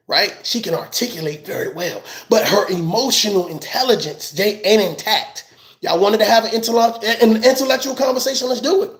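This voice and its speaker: A man giving a heated, scolding commentary rant, loud and emphatic, often laughing as he talks. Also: high voice, echoey room. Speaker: commentary vlogger.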